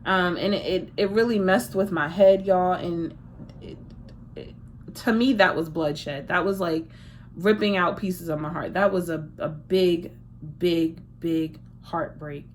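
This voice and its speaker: A woman's voice: on the low side, unhurried, slight background noise. A woman in her thirties giving a casual spiritual tarot reading, emphatic and repetitive, with frequent restarts. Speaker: tarot reader.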